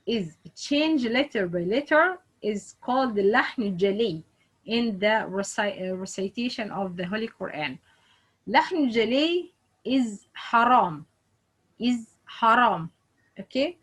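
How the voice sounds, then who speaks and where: A woman teaching Quran recitation in slow, repetitive English with phrasing. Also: on the high side, expressive, fairly bright tone, slightly rough, rough recording. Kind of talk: online lesson.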